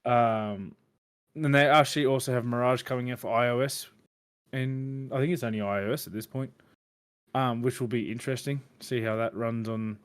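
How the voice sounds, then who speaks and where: A man hosting a podcast, chatting loosely about video games with lots of fillers. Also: medium pitch. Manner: rambling, filler-heavy gamer chatter. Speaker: podcast host. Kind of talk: casual chat.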